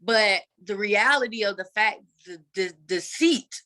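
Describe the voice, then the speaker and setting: A woman guest telling a candid personal story in an earnest, animated way. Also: mid-range voice, unhurried. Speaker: guest advocate.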